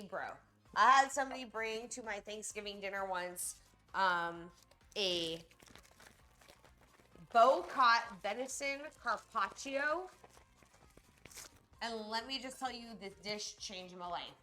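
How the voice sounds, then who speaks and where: A woman's voice: medium pitch, measured pace, bright, forceful tone. A woman hosting a casual cooking livestream, chatting straight to her viewers.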